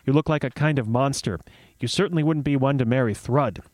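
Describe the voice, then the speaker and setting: An indignant, proud thunder god who commands rather than asks, voiced by a man reading a myth on the radio. His voice sits a little higher than the reader's own, and the recording is dry and close. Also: a little fast, a little mellow, no echo, lightly acted. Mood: mocking. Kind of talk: dramatic read-aloud of a myth.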